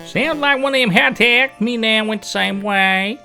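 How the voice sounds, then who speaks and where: A man voicing a dismissive male tavern regular in a game, in a squeaky, rushed and mocking voice. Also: creaky, bright, forceful tone, soft background music, exaggerated voice.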